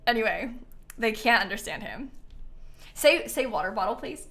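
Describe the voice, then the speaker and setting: A woman's voice: on the high side, expressive, normal speed, vocal fry, bright, forceful tone, a little hiss or hum. A woman livestreaming a game, chatting casually with her viewers and laughing often. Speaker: game streamer.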